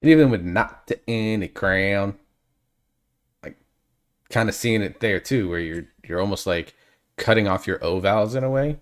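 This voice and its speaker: A man's voice: lowish voice, lively intonation, brisk. A man hosting a reaction video, chatting casually and analytically and drifting off on tangents.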